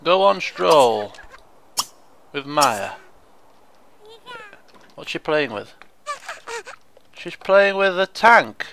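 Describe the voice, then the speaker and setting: A man giving chatty, excitable commentary on a video game, often laughing and exclaiming. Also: fairly high pitch, very slow, vocal fry, pauses often, slight background noise. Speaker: gaming video host. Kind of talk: let's play commentary.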